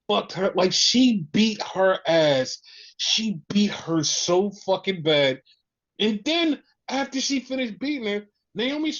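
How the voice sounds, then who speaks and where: Excited, profane man on a lo-fi mic. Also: high voice. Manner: excited, profane, repetitive storytelling. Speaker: podcast co-host. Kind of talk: casual wrestling review chat.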